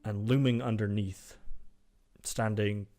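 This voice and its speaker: A man's voice: on the low side, fairly even intonation, takes it slowly, warm tone, faint music behind. A man narrating a tabletop game as game master, describing scenes with frequent ums.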